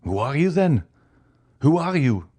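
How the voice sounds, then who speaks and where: A man voicing a frantic, grief-stricken older magistrate who cries out in high, strained bursts. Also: sing-song, a little slow, darkish tone.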